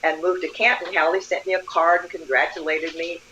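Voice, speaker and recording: Older lady guest, slightly low voice, tells stories with lively acted-out quotes, faint background hum. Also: brisk, lo-fi sound. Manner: animated storyteller, acts out quoted dialogue. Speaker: guest, community leader. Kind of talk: storytelling interview.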